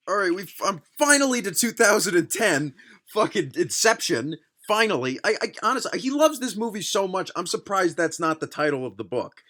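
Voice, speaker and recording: A young man doing a sarcastic, profane comedic reaction to a book, mocking it with loud outbursts and muttered asides. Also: high-pitched, sing-song, normal speed. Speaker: vlogger reviewing a book.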